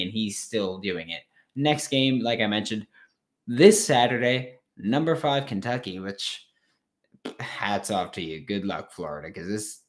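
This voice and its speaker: Man, sports podcast host, casual, blunt, animated, late-night tired. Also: medium pitch. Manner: animated, frank, swears casually.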